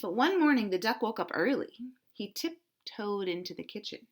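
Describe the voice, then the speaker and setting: A woman reading a picture book aloud to children, animated and interactive, asking questions about the pictures. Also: medium pitch, moderate pace.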